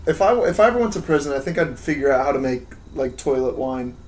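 A man's voice: medium pitch, animated, quick pace. Man riffing crude jokes, casual. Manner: jokey, riffs on bits and silly accents. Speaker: podcast co-host.

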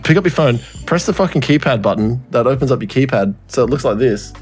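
A man's voice: medium pitch, expressive, quick pace, soft background music. A man co-hosting a podcast in casual chat, rambling and swearing, with lots of fillers. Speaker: podcast co-host.

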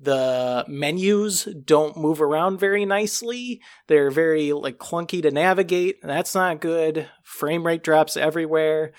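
A man reviewing a video game in a casual podcast chat, animated and emphatic, with a joking tone. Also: a little high, unhurried, hardly any pauses.

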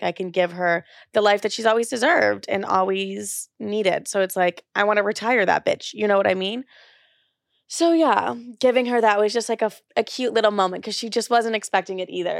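A woman's voice: medium pitch, no echo, studio quality. A young woman in her twenties hosting her own podcast, chatting casually and swearing freely, with lots of "like" fillers. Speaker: podcast host. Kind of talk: casual confessional podcast chat.

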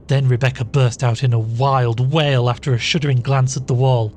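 A man reading a classic ghost story aloud in a measured storytelling voice. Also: mid-range voice, fairly even intonation, a little mellow, a little hiss or hum. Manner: measured, voicing each character. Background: faint music.

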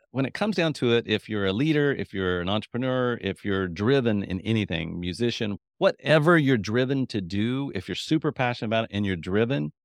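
Upbeat low-voiced man, podcast host. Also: no echo, studio quality. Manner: enthusiastic, rambling with restarts. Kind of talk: interview chat.

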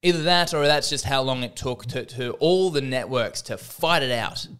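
A man riffs through a comedic podcast monologue, stumbling into restarts and joking at his own expense. His voice is smooth and resonant, sitting in a middle pitch. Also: moderate pace, a bit bright. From Australia. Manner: rambling, self-deprecating, with frequent restarts. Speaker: podcast host.

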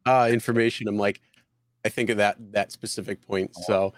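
A co-host on a casual live show speaks in a lowish voice at a normal pace, his intonation fairly even. He rambles loosely with many fillers and restarts, and the audio is clean studio quality with no echo.

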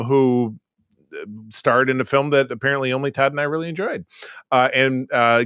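Podcast dude rambling about movie news, bright forceful voice, dry close sound. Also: male voice, mid-range voice, dry recording. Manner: rambling, chatty, lots of fillers and restarts. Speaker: podcast co-host. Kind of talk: casual chat.

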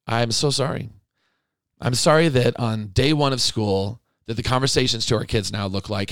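A man's voice: medium pitch, moderate pace, a bit bright, no echo, clean studio sound. A middle-aged man hosting a podcast, talking in an impassioned monologue that is indignant, emotional and pleading. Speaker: podcast host.

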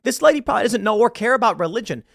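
A man's voice: high-pitched, animated, rapid-fire, gravelly, fairly bright tone, dry recording, studio quality. A man hosting a podcast, delivering an exasperated opinion rant with frequent laughs and repeated words. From United States. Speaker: podcast host.

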